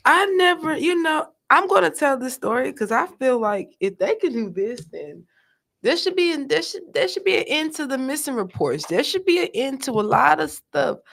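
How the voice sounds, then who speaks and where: A woman's voice: sits high, sing-song, normal speed, gravelly, a bit bright. A woman hosting a show, giving casual, joking commentary on news stories with lots of exclamations. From North Carolina. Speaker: show host.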